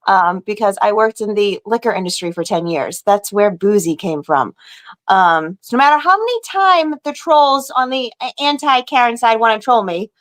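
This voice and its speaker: A woman guest on a casual livestream chat, chatty and giggly with quick asides. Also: mid-range voice, animated.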